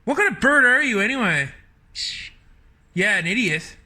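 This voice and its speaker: A man talking casually outdoors on his home deck, exasperated and full of mock-tough bravado, often shouting. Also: high voice, sing-song, normal speed. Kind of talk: casual talk to a bird.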